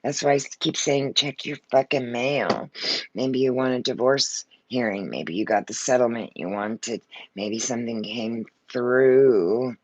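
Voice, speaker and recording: A woman's voice: rumbling low, a little slow, no room sound, lo-fi sound. A woman giving a live-stream tarot reading, blunt and emotional, swearing freely and short of breath. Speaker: tarot card reader.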